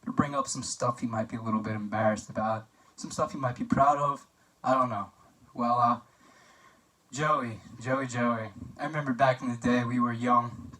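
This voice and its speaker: A young man delivering a mock wedding toast, loose and joking as he tells stories about an old friend. His voice is bright and forward, and he sounds a little off the mic, as if standing back from it. He talks casually, with frequent fillers. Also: mid-range voice, fairly even intonation, moderate pace, far from the mic, poor audio. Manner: chatty and joking, with filler words and anecdotes.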